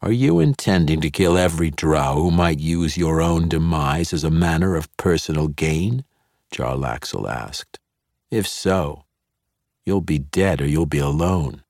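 Man doing dark elf mercenary leader, sly, teasing, smooth talker, very deep, slow. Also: animated, no room sound, clean studio sound, full character voice. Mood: persuasive.

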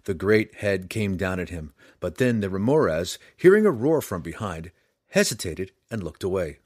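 A man narrates a fantasy tale with dramatic, expressive delivery, his low voice rising and falling widely across each sentence. The recording is close and dry, with no room sound around him. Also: moderate pace, no room sound. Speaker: audiobook narrator.

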